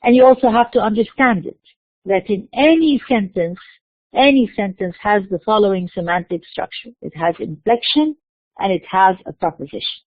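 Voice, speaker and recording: A woman giving a recorded university lecture, explaining slowly and mixing in terms. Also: medium pitch, dry recording. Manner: explains slowly, spelling out letters, slipping into Arabic terms. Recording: dry tinny phone-like recording.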